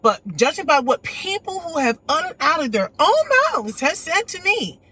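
A woman's voice: sits high, normal speed. An American woman hosting her own channel, giving opinionated livestream commentary and answering viewers by name. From United States. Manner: opinionated, animated, reads chat aloud. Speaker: channel host.

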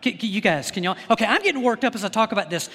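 A male pastor preaching a sermon with rising fervor, often stumbling over quick restarts as he gets worked up. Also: high voice, expressive, vocal fry, sharp tone. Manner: impassioned, builds to fervor, rapid restarts. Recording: long hall reverb.

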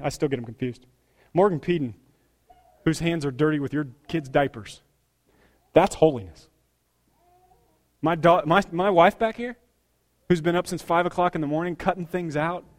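Brief: middle-aged male pastor, high tenor voice, punchy preaching that drops low and rises loud. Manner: emphatic preaching with sudden loud and quiet turns. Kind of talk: sermon. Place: church sanctuary.

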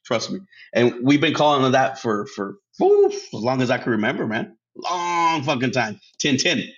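A man's voice: medium pitch, wildly swooping pitch, normal speed. A man hosting a casual solo podcast. He laughs often, swears freely and drops Spanish words into his English. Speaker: podcast host. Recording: dull lo-fi sound.

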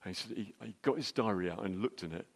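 A middle-aged man telling a jokey, anecdotal story as a church speaker, with quick restarts. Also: fairly low pitch, creaky. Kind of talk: storytelling sermon. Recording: long hall reverb.

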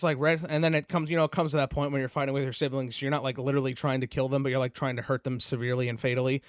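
A man's voice: mid-range voice, little pitch movement, racing, no room sound. A young man hosting a podcast, telling a long personal story in a rambling, casual way, full of fillers and swearing. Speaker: podcast host.

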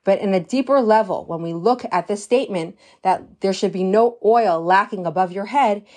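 A woman giving a religious lesson, telling a parable in an animated way and slowing down to stress key points. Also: medium pitch. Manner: animated storytelling, slows for emphasis. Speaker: religious teacher.

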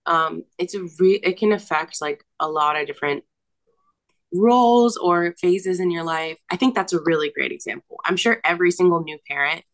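A young woman co-hosts a podcast from an apartment, her voice on the low side and her speed normal. The casual chat is frank, she swears freely, and she laughs often.

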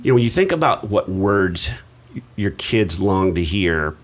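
Middle-aged male podcast host, very deep, easygoing and self-mocking. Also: unhurried. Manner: relaxed, self-deprecating, chatty. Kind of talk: casual podcast chat.

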